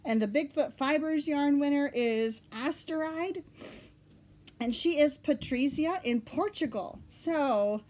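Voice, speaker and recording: A bubbly, excitable woman with an Oklahoma accent, chatting casually at home as the host of a knitting podcast. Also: sits high, slow. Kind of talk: casual chat.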